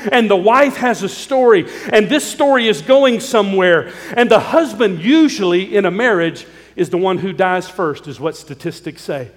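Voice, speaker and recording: Pastor, male, high-pitched, earnest pleading sermon delivery, long church reverb.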